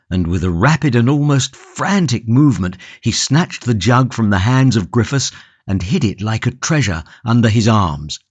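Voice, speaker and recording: A man narrating a classic novel audiobook in a measured, steady reading from a close studio mic. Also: mid-range voice, husky, no room sound. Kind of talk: scripted narration.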